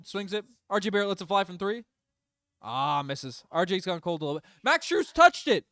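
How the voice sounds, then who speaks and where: With a smooth, slightly high voice, a young fan calls the action on a livestream, swinging between rapid play-by-play and loud outbursts when his team gets a break. He's right up on a dry mic, and the recording has no room sound.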